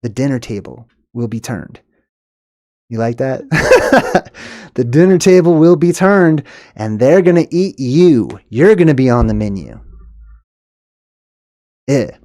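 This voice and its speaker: A man hosting a casual monologue, rambling and animated, laughing between his own asides. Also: medium pitch, unhurried, pauses often, dry recording, studio quality. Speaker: host.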